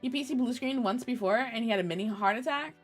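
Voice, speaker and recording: Chatty high-voiced woman streamer. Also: fast talker, faint music behind. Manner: chatty, excitable, talks to viewers. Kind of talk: casual gameplay commentary.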